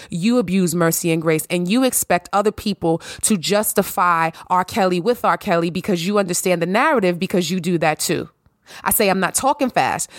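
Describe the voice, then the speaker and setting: A woman's voice: lowish voice, no room sound, clean studio sound. A woman in her thirties hosting her own podcast, talking emphatically in a preachy way and firing off rhetorical questions. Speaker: podcast host. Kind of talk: podcast monologue.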